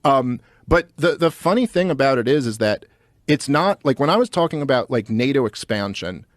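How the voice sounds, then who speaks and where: A man talking as a guest on a show in a casual, animated way, with many fillers and restarts. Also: mid-range voice, dry recording, clean studio sound. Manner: fast, animated and full of fillers. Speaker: podcast guest. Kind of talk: casual political talk.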